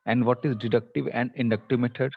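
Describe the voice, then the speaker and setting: A man's voice: mid-range voice, fairly even intonation, fast, vocal fry, dry recording, narrow, tinny audio. A man teaching an online English class, explaining patiently with many fillers. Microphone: computer mic on video call.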